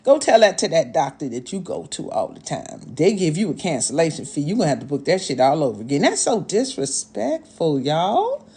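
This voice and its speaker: Sassy motherly woman with a lively voice. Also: low-pitched, a little fast, husky. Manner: sassy, motherly, calls viewers "babies" and "y'all", scolds and teases; talks as an elder mama persona. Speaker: livestream host and astrologer. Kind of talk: casual live-stream chat to viewers.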